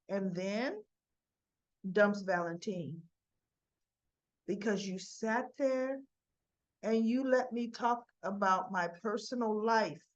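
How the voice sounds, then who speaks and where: A woman chattily retelling a soap opera episode, animated, with frequent asides. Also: mid-range voice, muffled recording. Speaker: soap opera recap vlogger. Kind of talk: casual recap of a TV episode.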